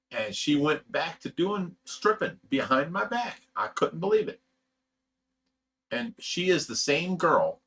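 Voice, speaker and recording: Man, livestream host, bright forceful tone, blunt and profane, rambling, restarts a lot. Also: medium pitch, slight background noise. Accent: Ohio. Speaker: livestream host of a fish rescue channel. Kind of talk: casual livestream storytelling.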